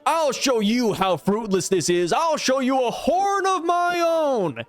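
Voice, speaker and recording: A man voicing a boastful, menacing monstrous elder with a high, drawn-out, taunting delivery. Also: big pitch swings, faint music behind, exaggerated voice.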